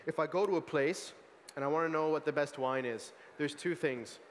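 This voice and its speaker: An American man in his young adult years leads a wine tasting with an animated, chatty manner, piling on asides and fillers. His voice sits a little high for a man. It rings out with a long reverb through a large hall, over a faint murmur of people. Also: normal speed, slight background noise. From United States. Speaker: sommelier giving a wine tasting talk. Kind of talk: lively tasting presentation. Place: large hall at a food market event.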